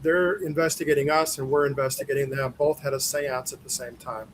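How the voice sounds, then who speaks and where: A man's voice: medium pitch, steady tone, brisk, slight background noise, poor audio. A man hosting a podcast, chatting enthusiastically with his guest. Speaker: podcast host. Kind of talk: casual conversation.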